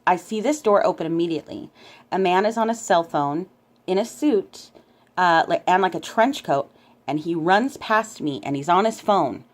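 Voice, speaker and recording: A woman telling a story to her camera in a casual, animated way, often checking in with "right?". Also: on the low side, moderate pace. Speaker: vlogger recounting a dream.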